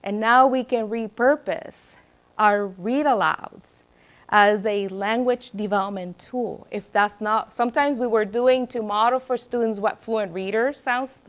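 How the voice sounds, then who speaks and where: A woman's voice: on the high side, measured pace. A middle-aged woman educator presenting to teachers, telling classroom stories and acting out the voices she quotes. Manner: lively storyteller who acts out quoted voices.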